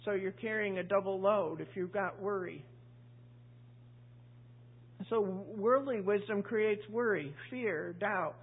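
A woman preacher with a husky, mid-range voice delivers a chatty, conversational sermon slowly, with long pauses. She asks the congregation questions and acts out voices. The audio sounds tinny, like a phone.

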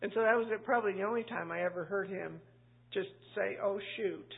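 Woman, pastor, Bible study teaching, chatty and anecdotal, raspy, phone-quality audio. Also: mid-range voice, fast. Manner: chatty and anecdotal, full of asides. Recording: tinny phone-like line.

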